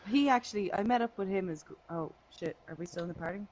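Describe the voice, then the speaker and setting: A woman co-hosting a podcast in casual chat, chatty and quick to laugh, swearing casually. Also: medium pitch, darkish tone, low-quality recording. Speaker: podcast co-host.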